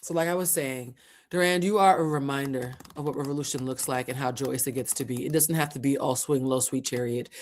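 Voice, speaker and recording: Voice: medium pitch, steady tone, a little fast. A show host giving impassioned commentary to camera, fiery and profane, preaching with repeated phrases while close to tears. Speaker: host of a culture and tarot channel.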